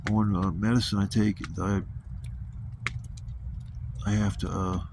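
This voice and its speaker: A man vlogging from a campsite tells rambling, profane stories in a laid-back, casual way. His voice is lowish and flat, with a slow pace. Noisy outdoor ambience fills the recording.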